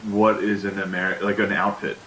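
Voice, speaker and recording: A man's voice: low-pitched, flat delivery, brisk, fairly bright tone. A man in casual chat, rambling and swearing as he searches for words.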